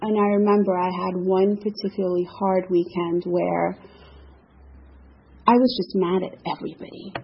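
A woman's voice: medium pitch, expressive, normal speed, breathy edge, muffled recording. A middle-aged woman giving candid personal testimony as the speaker at a recovery meeting, self-mocking and often laughing.

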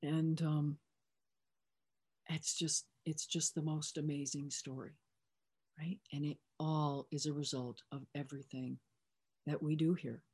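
A woman's voice: deep voice, flat delivery, measured pace, long pauses, a little mellow, slightly rough. A woman speaking as a recovery sponsor, telling a personal story in a conversational way and retelling back-and-forth dialogue. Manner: conversational, with fillers and restarts.

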